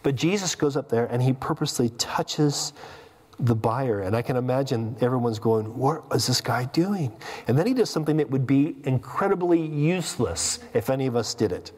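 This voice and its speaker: A man's voice: mid-range voice, animated, a little fast, darkish tone. A man preaching a sermon as pastor, emphatic, with rhetorical questions and repeated words. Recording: long reverb of a hall.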